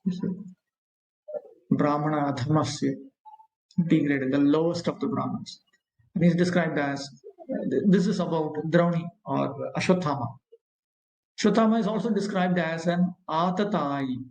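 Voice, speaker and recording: A man teaching a scripture class, reading verses, chanting Sanskrit slowly, and explaining with many pauses and fillers. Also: a little high, darkish tone. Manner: frequent fillers and pauses, repeats points. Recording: echoey room.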